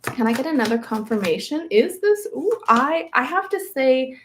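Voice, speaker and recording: A woman giving a live-stream tarot reading, gentle and reassuring, rambling with many fillers, her voice crackling. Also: sits high, expressive, moderate pace. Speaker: tarot reader.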